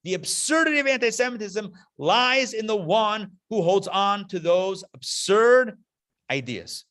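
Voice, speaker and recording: Expressive and a bit bright, this man's high-pitched voice moves at a measured pace. He's a rabbi giving a passionate lecture to a live classroom, emphatically repeating the key phrases.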